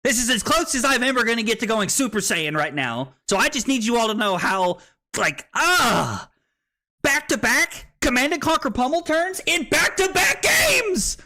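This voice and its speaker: Male streamer, tipsy, loud, swears a lot; very animated delivery with a bright edge. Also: extremely high pitch, normal speed. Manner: loud, swearing, jokey, often laughing. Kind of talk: casual live-stream chat. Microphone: streaming microphone.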